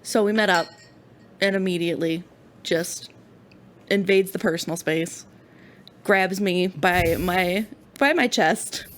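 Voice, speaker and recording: A woman co-hosting a casual podcast chat, joking and giggly, telling stories with animated flair on a close mic. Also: fairly low pitch, slow, long pauses, slight background noise. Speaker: podcast co-host.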